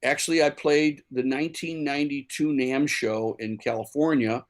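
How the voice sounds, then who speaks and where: A man's voice: medium pitch, steady tone, normal speed. A man from Chicago, a musician guest, telling stories in a casual interview with many fillers and restarts.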